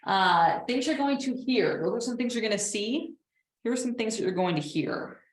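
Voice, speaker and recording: A woman counselor teaching a training seminar, lively and quick to act out what clients say in little voices. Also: on the high side, reverberant, poor audio. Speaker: trauma counselor.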